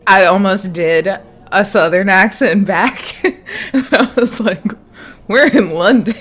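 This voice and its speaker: A woman's voice: mid-range voice, measured pace, fairly bright tone. A woman narrating a tabletop game as game master, playful and laughing as she corrects herself.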